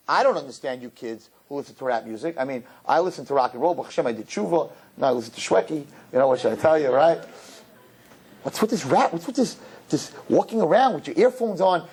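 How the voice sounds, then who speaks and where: Husky, animated man giving a humorous sermon. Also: a little fast. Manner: animated storyteller, jumps into high mocking voices. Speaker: rabbi. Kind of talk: humorous sermon to young people. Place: synagogue hall.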